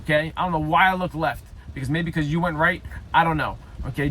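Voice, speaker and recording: A young man reading a story aloud haltingly, breaking off for loud self-mocking side comments. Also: on the high side, steady tone, slight background noise. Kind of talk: casual read-aloud with joking asides.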